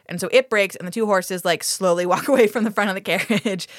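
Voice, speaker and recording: A woman's voice: mid-range voice, fast, no room sound, clean studio sound. A woman co-hosting a podcast, recapping a TV episode in casual chat, laughing often, swearing, and acting out the characters' lines in funny voices. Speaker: podcast co-host.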